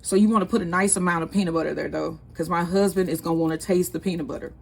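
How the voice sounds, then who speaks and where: A woman's voice: lowish voice, fairly even intonation, very fast, vocal fry, breathy edge. A woman, chatting casually and rambling as she hosts a home cooking vlog. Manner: chatty, rambling, laughs easily. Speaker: cooking channel host.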